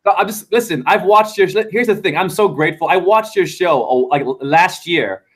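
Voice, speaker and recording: A man's voice: high-pitched, animated, normal speed. A man talking as a show guest in a rambling, fervent monologue full of wordplay. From United States. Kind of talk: casual chat.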